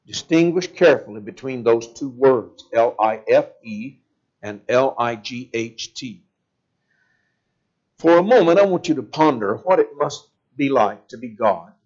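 A man preaching a sermon in a measured way, slowing down to stress key words. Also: mid-range voice, dull audio.

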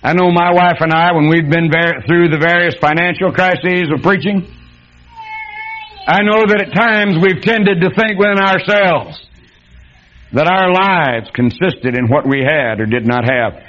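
A man preaching a sermon, reading scripture and then speaking in a folksy, dramatic way that swings between loud and hushed. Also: a little high, a little slow. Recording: dull lo-fi sound.

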